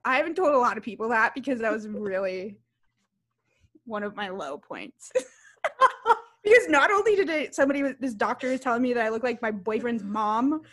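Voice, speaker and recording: Woman in her thirties, podcast co-host; animated storyteller, swears freely, slightly high voice. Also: fairly quick. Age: 30s. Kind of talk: casual storytelling chat.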